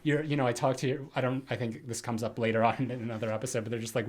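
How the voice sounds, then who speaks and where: A man's voice: mid-range voice, steady tone, fast talker. A man co-hosting a casual podcast, rambling with many fillers and restarts. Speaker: podcast co-host.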